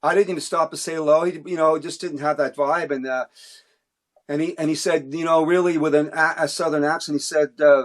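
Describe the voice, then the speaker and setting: A man's voice: fairly high pitch, steady tone, fairly quick. A middle-aged man from Cape Breton, Canada, a musician guest telling stories in a rambling, self-interrupting way in a casual interview.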